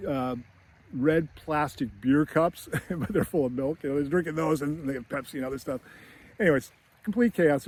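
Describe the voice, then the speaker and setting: A chatty man with a slightly high voice who casually retells a film scene beat by beat. He laughs often and fills his talk with "you know" and "like". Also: mellow. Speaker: screenwriting commentator.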